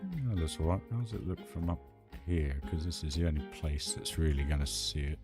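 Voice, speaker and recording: Deep-voiced British man chatting enthusiastically. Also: animated, brisk, over music. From United Kingdom. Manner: chatty, enthusiastic, rambling with restarts. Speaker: live streamer. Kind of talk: casual live-stream chat while building.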